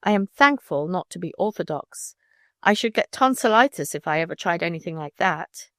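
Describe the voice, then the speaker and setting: A woman reading aloud as a lively, irreverent schoolgirl who talks briskly and teasingly. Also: lowish voice, no room sound, clean studio sound. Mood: breezy.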